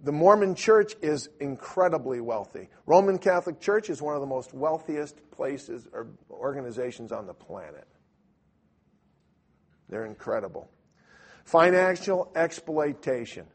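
A man with a husky, slightly high voice gives a sermon-style teaching. He tells stories with energy, acting out the voices of people in them, and his voice jumps to loud bursts at the heated moments. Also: unhurried. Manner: animated storyteller, acts out voices, rises to loud bursts. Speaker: preacher.

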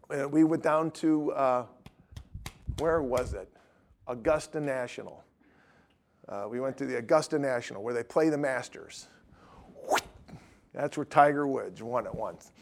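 A middle-aged man, an evangelist, preaching through lively anecdotes and acting out the dialogue. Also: medium pitch, creaky. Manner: lively storytelling, acts out dialogue.

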